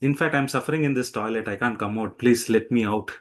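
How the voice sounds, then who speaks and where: A preacher playing a self-proclaimed god who has been brought low. He pleads quickly, his voice pitched up in desperation, in a sermon anecdote. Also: lightly acted. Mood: pleading. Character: boastful man claiming to be God, desperate.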